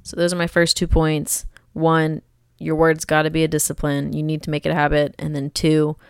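A woman's voice: deep voice, completely flat delivery, moderate pace, clear, resonant tone, no room sound, clean studio sound. A young woman hosting a faith podcast, talking in an earnest, conversational, encouraging way. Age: young adult. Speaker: podcast host.

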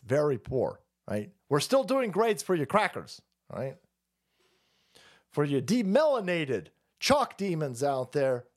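A man hosting a ranting political commentary stream, profane and mocking, sometimes putting on whiny voices to mock opponents. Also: on the high side. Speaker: streamer host.

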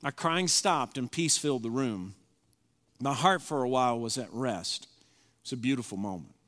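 A man's voice: medium pitch, lively intonation, moderate pace, fairly bright tone. A pastor in his fifties preaching a sermon, telling an emotional personal story and reading from an old journal. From Southern US. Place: church sanctuary. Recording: reverberant hall.

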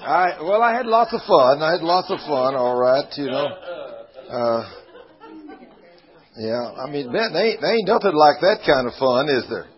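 A man's voice: a little high, lively intonation, a little slow, long pauses, lo-fi sound. A man co-hosting a Christian talk show, chatting in a folksy way and praising God often.

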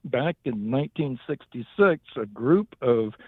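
A man's voice: mid-range voice, expressive, measured pace, breathy edge, no room sound. A man with a Southern US accent, from western North Carolina, speaking earnestly as a ministry director in a casual interview. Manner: earnest, laughs easily. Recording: dry, phone-like line.

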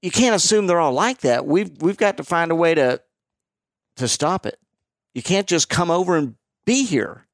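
Host: high-pitched man from Florida, opinionated and emphatic, dry close sound. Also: animated, moderate pace, no room sound. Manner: opinionated, emphatic, repeats words. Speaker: podcast host. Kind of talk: casual political chat.

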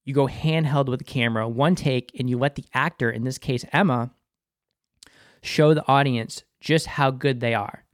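A man's voice: mid-range voice, moderate pace, dry recording, clean studio sound. A man with a Boston accent hosting a casual, enthusiastic episode review, sometimes calling himself by his show name. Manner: enthusiastic, talks about himself in third person. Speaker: TV review host.

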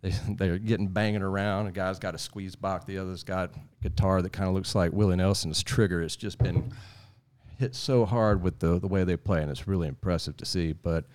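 Podcast guest, low voice, rambling folksy storyteller. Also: male voice, steady tone, fairly quick, darkish tone, a little hiss or hum. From Texas. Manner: rambling, folksy, chuckling asides. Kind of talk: casual storytelling.

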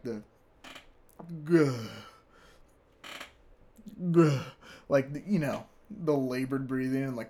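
A young man telling a story casually, animated and profane, laughing often and acting out what people said. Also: medium pitch.

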